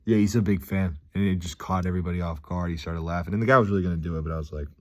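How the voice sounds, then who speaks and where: Speaking from a gym, a male vlogger with a deep, low voice rambles through a casual video. He sounds upbeat yet reflective, wandering from thought to thought with frequent pauses.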